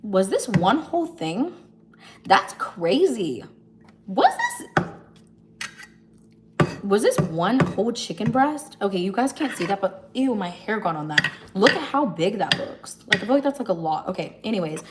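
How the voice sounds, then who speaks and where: A woman talks casually on a livestream as she cooks, running through the plot of a movie. She narrates with animated energy and slips in and out of the characters' voices as she goes. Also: medium pitch, unhurried, very noisy. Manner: animated storytelling, jumps between narrating and acting out lines. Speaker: livestream host. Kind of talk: casual chat retelling a movie while cooking.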